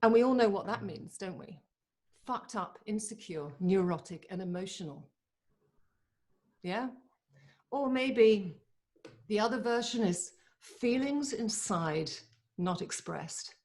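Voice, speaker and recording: A woman's voice: mid-range voice, animated, a little mellow. Eager woman giving an online talk. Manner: eager and chatty, with quick bursts and laughs. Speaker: motivational speaker. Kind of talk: live online motivational talk. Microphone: video call.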